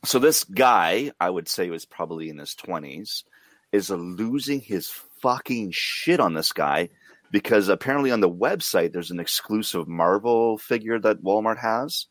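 A man on a casual podcast, telling stories in an animated way and swearing freely. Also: fairly low pitch, moderate pace, no room sound. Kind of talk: casual chat.

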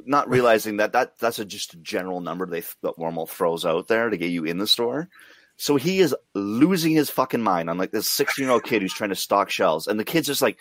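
A man on a casual podcast, telling stories in an animated way and swearing freely. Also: on the low side, brisk, dry recording. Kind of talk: casual chat.

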